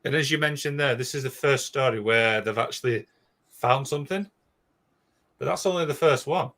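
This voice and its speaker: A man, co-hosting a casual podcast and recounting a strange disappearance, rushing through with frequent restarts. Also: medium pitch. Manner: excitable, rushed, with many restarts and "obviously". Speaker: podcast co-host. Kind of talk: casual storytelling chat.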